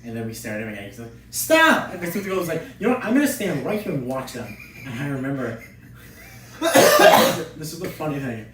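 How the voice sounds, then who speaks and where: A man tells stories on a podcast with a lively voice that swings up and down, laughing as he goes. He sits back from the microphone in a roomy, echoey space. His pitch sits a little above the usual. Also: fairly quick, very noisy. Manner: animated, laughs often, acts out quotes. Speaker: podcast co-host. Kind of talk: casual chat, storytelling. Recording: echoey room, distant from mic.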